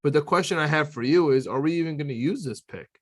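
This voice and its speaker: A man's voice: on the high side, fast. A male podcast co-host chatting about sports in a laid-back way, laughing often and calling his friend dude. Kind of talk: casual sports chat.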